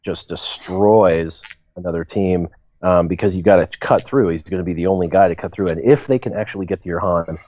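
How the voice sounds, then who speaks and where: A man's voice: low-pitched, a little fast, darkish tone, no room sound. A man on a live stream explaining game strategy in a casual, rambling way. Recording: dry, dull lo-fi mic.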